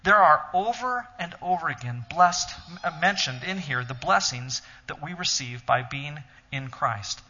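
A bright, slightly husky male voice teaching with steady emphasis, as if at a lectern. His words ring out with a long hall reverb, and the recording sounds a bit dull and muffled. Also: on the high side, unhurried, hardly any pauses. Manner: earnest, emphatic, explains step by step. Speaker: teacher leading a Bible study. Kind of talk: teaching sermon.

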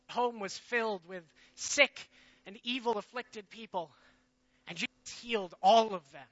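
A man playing the disciple Peter in a dramatic biblical monologue, earnest and shifting from loud to hushed. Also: sits high, no echo, dull audio.

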